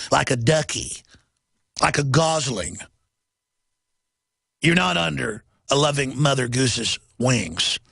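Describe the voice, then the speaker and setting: A middle-aged man with a gravelly, bright voice fires off a heated political radio monologue, hammering his points with emphatic repetition. His delivery sits a little high and sounds dry and close to the mic. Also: dry recording. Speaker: radio talk show host.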